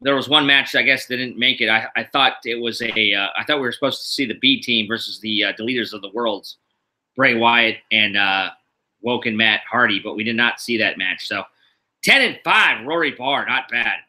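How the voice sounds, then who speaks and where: A medium-pitched, bright, forceful voice at a moderate pace belongs to a middle-aged East Coast man hosting a wrestling show live-streamed from home. He rambles through casual chat with many fillers and sounds tired but upbeat. The recording is rough.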